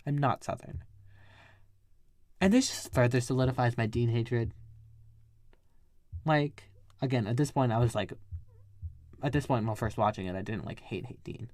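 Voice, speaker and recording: A man's voice: mid-range voice, moderate pace, long pauses, darkish tone, dry recording, studio quality. A man hosting a casual recap podcast, talking in a rambling, chatty way that keeps drifting onto tangents. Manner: rambling and chatty, often sidetracking himself. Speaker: podcast host.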